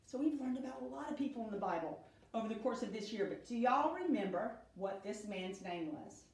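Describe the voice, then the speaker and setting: A middle-aged woman gives a children's Bible lesson in a slow, sing-song storytelling way. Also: fairly high pitch, lively intonation, a little mellow. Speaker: Sunday school teacher. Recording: echoey room, speaker far from mic.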